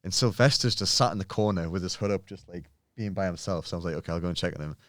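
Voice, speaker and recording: A man in his thirties telling a lively gym story in casual chat, swearing freely and acting out what people said. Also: low voice, rapid-fire, no echo, studio quality. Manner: animated, swears often, acts out quotes. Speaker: podcast guest, bodybuilder.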